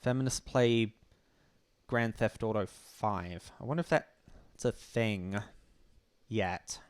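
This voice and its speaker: Hosting a casual livestream, a man with a fairly low, smooth voice, recorded with no echo, speaks bluntly and sardonically. His delivery is halting, full of restarts, and he swears freely.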